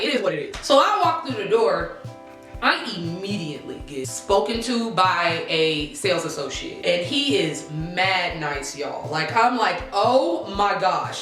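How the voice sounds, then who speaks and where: A young woman telling a casual storytime vlog, chatty and animated, talking straight to her viewers. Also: mid-range voice, reverberant. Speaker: vlogger.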